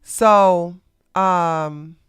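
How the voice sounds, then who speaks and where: A live streamer giving animated drama commentary, laughing and talking back to the chat. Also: medium pitch, drawn-out words, smooth, dry recording, clean studio sound, faint music behind.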